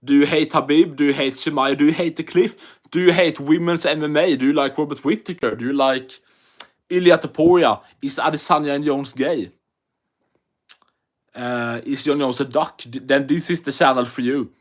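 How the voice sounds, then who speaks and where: A man's voice: fairly high pitch, normal speed. A Swedish man with a Swedish English accent, chatting casually and profanely on an MMA livestream while reading chat aloud. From Sweden.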